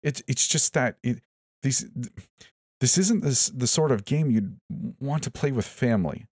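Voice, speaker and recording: A frantic young brother in a horror storybook reading, played by a man who raises his pitch, sputtering and tripping over his words. His voice runs high and strained. The sound is dry and close. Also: lively intonation, fairly quick, a little mellow, no room sound, natural voice.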